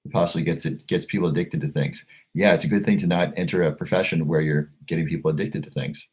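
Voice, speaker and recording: A man with a low, deep voice hosts a casual livestream. He reads viewer comments aloud and answers them in a loose, chatty way, often stumbling and repeating words as he goes. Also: fairly even intonation, fast. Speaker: livestream host selling a supplement.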